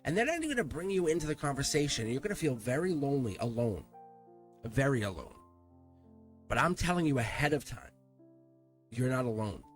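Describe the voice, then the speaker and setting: A tarot reader hosts a live-streamed reading, his medium-pitched voice sing-song and fairly quick, broken by frequent pauses. He speaks earnestly and emphatically, repeating himself to drive points home, while faint music plays in the background.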